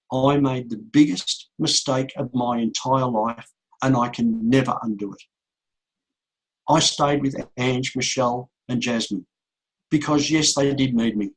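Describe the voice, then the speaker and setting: A middle-aged man, a motivational speaker, telling a painful story to an audience in a slow, repetitive way with emphatic pauses. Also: medium pitch, a bit bright, husky, rough recording. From Australia. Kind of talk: emotional speech to an audience.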